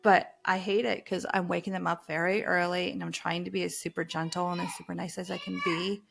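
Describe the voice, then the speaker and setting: A chatty woman in her thirties with a gravelly, fry-tinged voice that sits on the low side. She co-hosts a casual podcast and tells her stories with a laugh slipped in now and then. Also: flat delivery, a little fast, a bit bright, a little hiss or hum. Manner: chatty storyteller, laughs mid-sentence. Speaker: podcast co-host. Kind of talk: casual chat.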